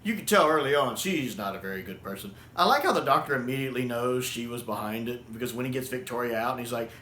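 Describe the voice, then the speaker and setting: A man casually reviewing a show, enthusiastic and quick to laugh. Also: medium pitch, lively intonation, pushed and bright. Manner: enthusiastic, laughs often, acts out quotes. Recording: echoey room with faint hiss.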